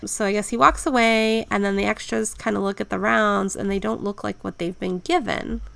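A woman's voice: mid-range voice, fairly even intonation, a little fast, vocal fry, a bit bright, dry recording. A woman co-hosting a podcast, easygoing and agreeable as she tells a ghost story. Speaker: podcast co-host. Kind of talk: casual chat.

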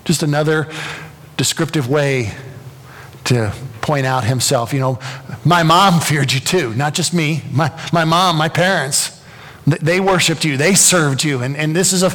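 A man's voice: a little high, measured pace, fairly bright tone. Impassioned preacher man in a reverberant hall. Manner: earnest, rising to impassioned emphasis with repeated words. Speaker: pastor. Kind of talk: sermon. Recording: long reverb of a large hall.

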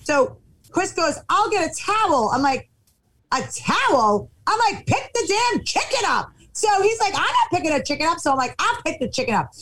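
A woman's voice: very high voice, moderate pace, low-quality recording. A woman telling a funny anecdote in casual chat, acting out the voices of the people in it. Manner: animated, acts out quotes.

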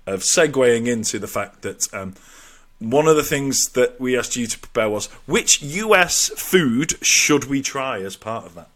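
A man's voice: medium pitch, lively intonation, unhurried, a bit bright. An English man co-hosting a comedy podcast, bantering and swearing freely. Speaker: podcast co-host. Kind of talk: casual banter.

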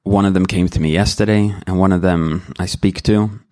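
Earnest low-voiced man sharing his story. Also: fairly even intonation, moderate pace, dark tone, no room sound, clean studio sound. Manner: earnest and rambling, with many restarts; emotional and candid. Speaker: member sharing at a recovery meeting. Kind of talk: personal testimony.

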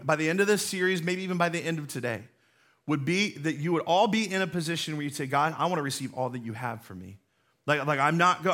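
Earnest bright-voiced male pastor preaching. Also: on the high side. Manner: earnest and conversational, explaining slowly with emphatic repetition. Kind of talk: sermon.

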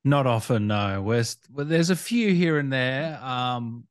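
A man with an Australian accent, hosting an interview in a relaxed, jokey way and laughing easily. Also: mid-range voice, a little slow, smooth. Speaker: interview host. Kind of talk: casual interview chat.

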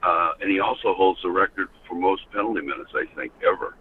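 This older American man, once a hockey enforcer, spins rambling stories as a podcast guest, leaning on "you know" a lot. He talks quickly and expressively in a low-pitched voice, through a tinny phone line carrying faint hiss.

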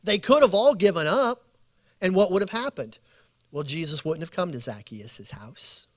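Man preaching in slow emphatic lists. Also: high voice. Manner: preachy, animated storytelling with acted quotes. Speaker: pastor. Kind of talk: sermon at a bible study.

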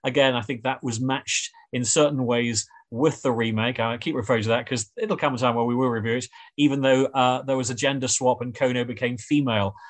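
A man's voice: medium pitch, fairly even intonation, fairly quick, hardly any pauses. A man hosting a podcast, rambling and hesitant with many fillers as he reviews a TV episode. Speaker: podcast host. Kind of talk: casual review chat.

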